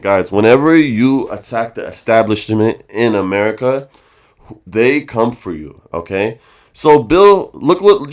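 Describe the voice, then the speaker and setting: A man talks straight to his stream audience in a loose, emphatic rant. He keeps repeating his points and tags them with "guys" and "bro". He trails into fillers when he loses the thread. His voice sits at an ordinary middle pitch. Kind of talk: casual livestream rant.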